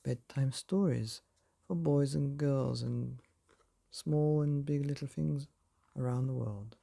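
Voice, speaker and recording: Reading a chapter aloud, a man hosting a bedtime story podcast narrates in a cosy, theatrical way. His voice is medium-pitched, gravelly and dark, and he speaks slowly.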